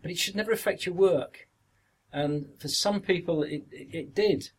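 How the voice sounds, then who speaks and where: An older Yorkshire man from northern England, an actor appearing as a podcast guest, reminisces through anecdotes in an interview. He rambles, repeats words, and sometimes acts out what other people said. His voice sits high and husky at a moderate pace, and the audio is poor.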